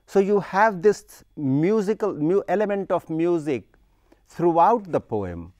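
A man giving a university lecture on a poem, slow and deliberate, stopping to recite lines of verse with heavy emphasis. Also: high-pitched, lively intonation, a little mellow, dry recording. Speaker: literature lecturer.

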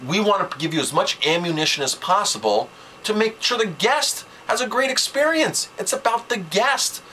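Animated man giving restaurant advice. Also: high-pitched, moderate pace, a little hiss or hum, rough recording. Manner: animated, conversational, repeats phrases for emphasis. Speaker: restaurant owner and chef. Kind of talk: direct-to-camera business advice.

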